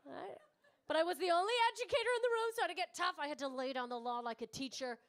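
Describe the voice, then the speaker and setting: Teasing the audience and swearing without restraint, a woman in her 30s delivers brash stand-up at a comedy club before a live crowd. Her voice is high and her pace quick.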